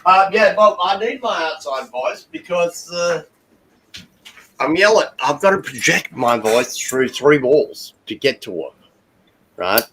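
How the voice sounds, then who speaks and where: Brief: brash middle-aged Australian male stream host, animated pitch, faint background hiss. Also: measured pace, rough recording. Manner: loud, brash, swears freely, animated. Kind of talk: casual livestream chat.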